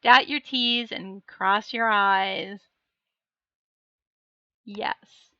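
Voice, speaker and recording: A woman's voice: medium pitch, fairly even intonation, drawn-out words, long pauses, pushed and bright, smooth, dry recording, highs cut off. A woman streamer chatting casually on a live stream, laughing often and answering her viewers. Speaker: live streamer and miniature painter.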